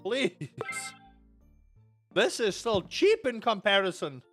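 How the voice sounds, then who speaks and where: A young man streaming a game and chatting to his viewers in a rambling, animated way, ranting half in jest. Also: high-pitched, slow pace, soft background music. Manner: rambling and animated, with self-mocking rants to chat. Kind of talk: casual live-stream chat while playing.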